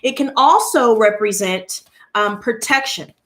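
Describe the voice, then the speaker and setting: A woman tarot reader chatting casually to her viewers, telling an animated story and addressing them directly. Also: on the high side, measured pace.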